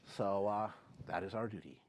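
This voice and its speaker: A man's voice: fairly low pitch, fairly even intonation, moderate pace, no echo. A man co-hosting a stream, joking around and reading a sponsor thanks with hesitant fillers. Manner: joking, hesitant, with many uh's. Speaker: co-host. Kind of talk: casual chat with a sponsor shout-out.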